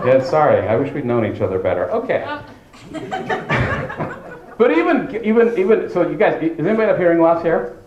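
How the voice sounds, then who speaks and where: Animated stand-up comic in an echoey club. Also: male voice, on the high side, normal speed, pauses often, highs cut off, a crowd in the background. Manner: joking, animated, mock-dramatic quotes. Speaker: comedy show host. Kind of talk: stand-up comedy. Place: comedy club stage. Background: audience laughter.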